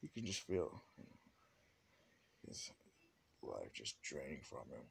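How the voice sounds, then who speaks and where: A man's voice: extremely low pitch, sing-song, slow pace, vocal fry, slightly rough. A man casually narrating an improvised fan story in a loose, rambling way.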